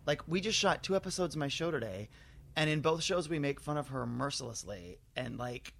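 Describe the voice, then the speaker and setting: A man in his forties spins a story in casual conversation, his voice sitting a little high for a man. He talks with lively energy and slips into the voices of the people he describes. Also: a little fast, gravelly. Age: 40s. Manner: animated, acts out voices in his anecdotes.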